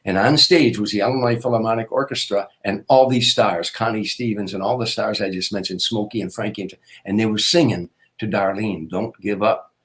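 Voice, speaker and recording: An older man with a fairly low voice tells a long personal story. He is earnest and rambling, restarting sentences as he goes. He speaks as a guest comedian in a casual interview. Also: steady tone, fairly quick, few pauses, a bit bright. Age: 60s.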